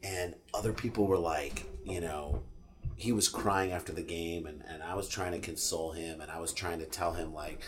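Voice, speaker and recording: A middle-aged man, a podcast guest, telling a personal story in casual chat, animated and swearing freely, acting out what people said. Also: deep voice, normal speed.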